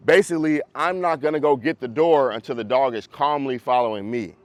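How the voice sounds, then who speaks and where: A man's voice: mid-range voice, fairly quick, no echo. A man, a dog trainer, coaching a group class in a casual, conversational way over a video call, often checking that listeners follow.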